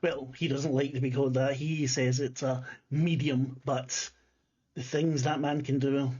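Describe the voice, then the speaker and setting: A man doing an excitable Welsh gentleman. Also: mid-range voice, unhurried, breathy edge. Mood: excited. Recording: dull lo-fi online audio.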